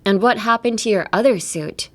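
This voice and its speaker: A woman's voice: fairly high pitch, lively intonation, racing, pitched above the performer's own voice. A woman reading the lines of an exasperated, bossy teenage girl from an anime, scolding in a reproachful way.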